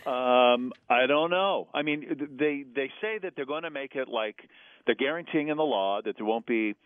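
A man calls in to a radio show and talks in a hyper, animated rush, quick to laugh. His mid-pitched voice comes through a tinny phone line. The sound is dry, with no room around it. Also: smooth, dry recording. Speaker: radio host calling in as a guest. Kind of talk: casual radio chat over the phone. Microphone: telephone.

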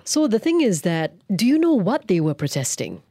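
A woman's voice: medium pitch, very animated, normal speed, warm tone, dry recording, clean studio sound. A woman hosting an interview, asking curious, short follow-up questions. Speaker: podcast host. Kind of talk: conversational interview.

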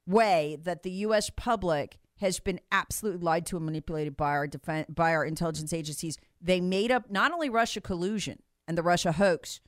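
A woman's voice: lowish voice, no echo. Emphatic woman, close dry mic. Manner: emphatic, repeats points, acts out others' voices. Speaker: political commentator guest. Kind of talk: animated political talk.

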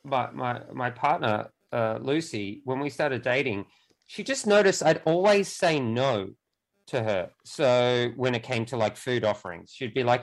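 A young man talking as a podcast guest in casual conversation, halting and often restarting his sentences. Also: medium pitch, expressive, creaky, rough recording. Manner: halting, with many restarts and repeated words.

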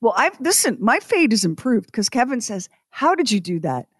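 A middle-aged woman co-hosts a radio show and tells a story in a lively, self-mocking way. She acts out the other people's lines in exaggerated voices. Her voice sounds dry and close, with no room around it. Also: fairly high pitch, normal speed, husky, no room sound. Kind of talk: casual storytelling on morning radio.

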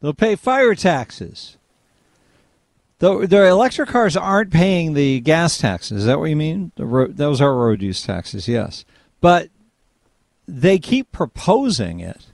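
Lively talk radio host, man. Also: fairly high pitch, slow, vocal fry, dry recording. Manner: conversational, agreeable, reacting to callers.

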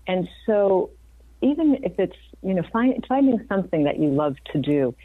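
Her voice is lowish and breathy, with big pitch swings and a moderate pace. A fifties-aged physician giving a conversational interview, she reflects earnestly and keeps restarting her sentences, heard over dry, phone-like remote audio.

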